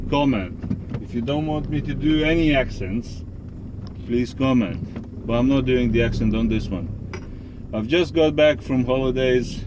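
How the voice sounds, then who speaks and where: A man's voice: mid-range voice, noisy background. A man filming a casual do-it-yourself car repair video outdoors, talking in a rambling, jokey way and correcting himself as he goes. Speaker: DIY car vlogger. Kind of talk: casual how-to vlog. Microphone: camera on a tripod.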